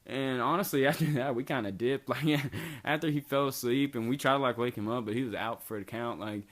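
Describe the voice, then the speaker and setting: This is a young man with a voice of ordinary pitch, telling a story to camera. He talks in a loose, rambling way, full of fillers and swearing. He sounds animated as he tells it. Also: a little fast. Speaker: vlogger. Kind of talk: casual storytelling.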